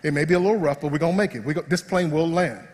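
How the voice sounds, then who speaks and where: A pastor preaching with a high, slightly husky voice. He moves from loud shouts of praise to quiet, hushed asides. His words ring out through a large hall with a long reverb. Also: rapid-fire. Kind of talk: sermon.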